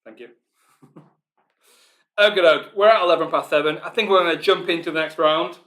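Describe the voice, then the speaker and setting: A Northern English man runs a live online pub quiz in a bright, forceful voice pitched a little high. He chats loosely with players, full of ums, and then reads each question slowly and repeats it. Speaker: quiz host.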